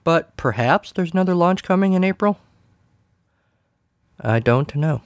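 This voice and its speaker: A man's voice: a little high, lively intonation, a little slow, no echo, studio quality. A man hosting a podcast, talking casually in a wry, sarcastic way. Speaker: podcast host. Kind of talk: casual solo commentary.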